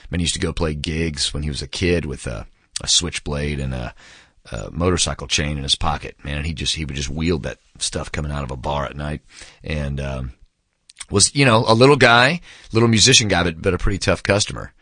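A man in his forties chats through a book review, low-pitched but bright and forceful in tone. He tells stories with big enthusiasm and acts out the quotes. The sound is dry and close. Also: brisk, no room sound. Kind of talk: casual spoken book review.

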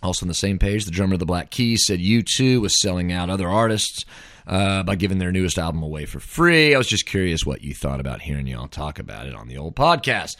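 A man's voice: low voice, expressive, fast, a bit bright, no room sound, studio quality. A man hosting a podcast, rambling in a folksy, casual way, often tossing in "man". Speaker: podcast host. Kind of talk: casual monologue.

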